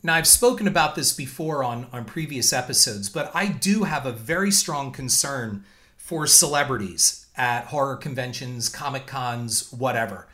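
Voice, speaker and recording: A man's voice: medium pitch, animated, moderate pace, bright, forceful tone. A man hosting a show and telling stories from his career, firm and indignant, laying out his points one by one. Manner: emphatic, lays out points in numbered order. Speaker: filmmaker and show host. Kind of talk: storytelling monologue.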